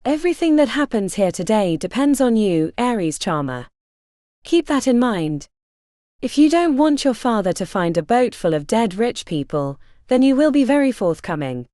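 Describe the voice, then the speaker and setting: A woman's voice: on the high side, very animated, moderate pace, warm tone, no echo, clean studio sound. A woman voicing a menacing Eastern European raider. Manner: cold, threatening commands. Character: menacing male lead raider, armed, threatening.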